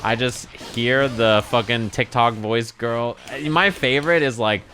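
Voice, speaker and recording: A man's voice: medium pitch, a little slow, pushed and bright, soft background music. A man rambling and swearing casually to his chat while playing a fighting game live. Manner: profane, rambling, exasperated. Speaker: streamer.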